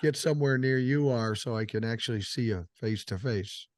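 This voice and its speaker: A man's voice: medium pitch, normal speed, a little mellow, dry recording, studio quality. An older man hosting a podcast, talking in casual, blunt and profane chat while he has a cold. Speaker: podcast host.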